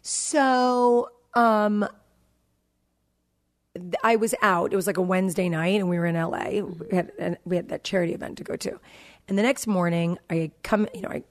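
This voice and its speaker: A woman's voice: medium pitch, normal speed. Chatty woman telling a family story. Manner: storytelling, acting out family dialogue. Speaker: podcast host. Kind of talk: casual chat.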